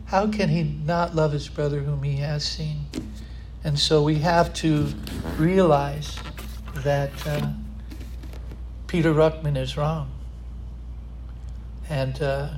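A man preaching a sermon, impassioned and building to loud, emphatic climaxes. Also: fairly high pitch, a little hiss or hum.

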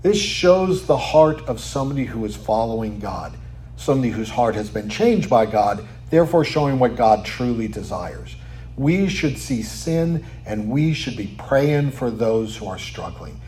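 A man preaching a sermon, asking rhetorical questions and tagging lines with "right?", sometimes dropping to a quiet, almost whispered tone for emphasis. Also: mid-range voice, very animated, measured pace. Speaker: pastor.

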